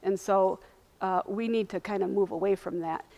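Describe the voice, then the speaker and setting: A woman's voice: medium pitch, moderate pace, gravelly, lo-fi sound. A woman speaking at a lunch talk, earnestly recounting a personal experience and acting out what people said. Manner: earnest, animated retelling, acting out quoted voices. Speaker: invited speaker sharing lived experience.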